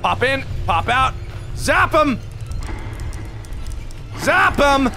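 A man giving excitable let's-play commentary, taunting the game and breaking into shouts and mock-dramatic rants. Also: high voice, measured pace, faint music behind. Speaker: gaming commentator. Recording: clear background noise.

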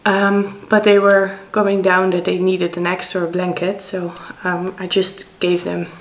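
A woman's voice: lowish voice, completely flat delivery, unhurried, echoey room, slight background noise, low-quality recording. A middle-aged Dutch woman speaking English with a Dutch accent, chatting hesitantly as she shows her cross-stitch projects at home. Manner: chatty, hesitant, many fillers. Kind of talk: casual show-and-tell.

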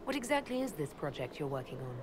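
A blunt game heroine. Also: female voice, deep voice, big pitch swings, fast. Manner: blunt, questioning and matter-of-fact. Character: female game hero, direct and practical leader. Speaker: player character. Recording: game audio with background noise.

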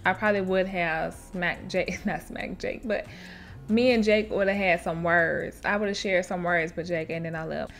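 A woman hosting a show where she reads online stories aloud and reacts to them in an expressive, chatty way, laughing often and talking straight to her listeners. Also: fairly low pitch, moderate pace, soft background music. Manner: chatty, addresses listeners directly. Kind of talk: casual storytelling with commentary.

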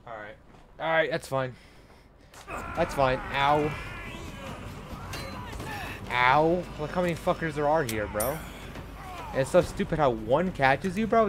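A man doing live gameplay commentary as a streamer, profane and frustrated, breaking into loud shouts. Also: fairly high pitch. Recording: noisy stream audio.

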